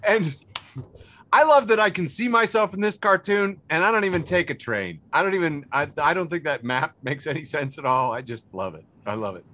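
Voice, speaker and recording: A man's voice: fairly high pitch, lively intonation, a little fast, sharp tone. A man co-hosting a podcast, describing memes enthusiastically with frequent uhs. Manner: enthusiastic, hesitant with many uhs. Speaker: podcast co-host. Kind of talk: casual chat reading memes.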